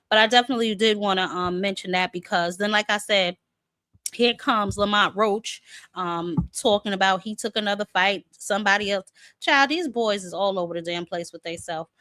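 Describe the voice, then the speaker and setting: A woman's voice: mid-range voice, sharp tone, dry recording. A woman host, giving sassy, chatty boxing commentary full of fillers. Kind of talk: casual commentary.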